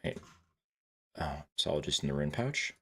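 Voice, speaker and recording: A man's voice: extremely low pitch, lively intonation, moderate pace, creaky, sharp tone, husky. A man casually chatting with viewers during a gameplay livestream, swearing freely, laughing and greeting chat by name.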